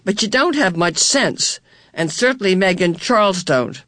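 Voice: medium pitch, lively intonation, normal speed, a bit bright, no room sound, studio quality, natural voice. A reader doing a bossy schoolboy twin. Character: bossy, confident boy twin.

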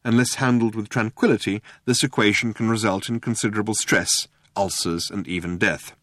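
Male audiobook narrator, low voice, dry and close. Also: steady tone, fairly quick, fairly bright tone, dry recording. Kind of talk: scripted narration.

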